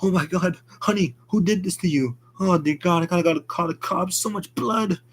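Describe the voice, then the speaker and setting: A man's voice: normal speed, a little hiss or hum, natural voice. A man voicing a panicked young husband who pleads in a raised, cracking voice. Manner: frantic, pleading, voice cracking high.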